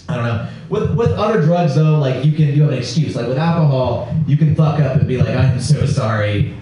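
A man doing a stand-up set at a small comedy venue, deadpan and self-mocking, slowing down for his punchlines. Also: a little high. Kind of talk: open-mic stand-up set. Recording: roomy live recording from far off, dull sound.

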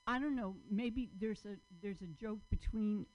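A woman's voice: medium pitch, a little slow. A woman hosting an open mic, hesitantly encouraging as she gives comedians feedback. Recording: lo-fi live club recording.

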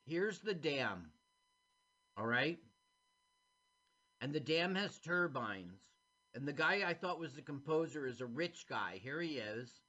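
A man co-hosting a podcast, casually commenting on an animated film as it plays, animated and chatty. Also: fairly high pitch, slow, long pauses. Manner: animated, talks over the film. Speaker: podcast co-host. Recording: dull lo-fi sound.

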